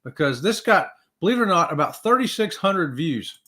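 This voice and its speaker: A man's voice: high voice, sing-song, moderate pace, pushed and bright. A man hosting a casual livestream, upbeat, reading viewer comments aloud and laughing often. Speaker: livestream host.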